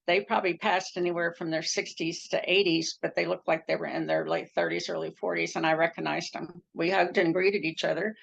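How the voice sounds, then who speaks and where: A woman telling her own near-death story in an earnest, casual way, jumping up in pitch when she acts out what people said. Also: vocal fry. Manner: earnest, acts out quoted speech with pitch jumps. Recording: dull lo-fi recording.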